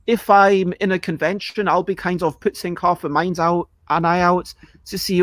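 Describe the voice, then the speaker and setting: A man with a fairly high voice chats casually on his live stream. He rambles and cuts himself off, and now and then he acts out a panicked reaction. The sound is close and dry, with no room echo. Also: moderate pace, fairly bright tone. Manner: chatty, self-interrupting, acts out panicked reactions. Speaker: livestream host answering viewer questions.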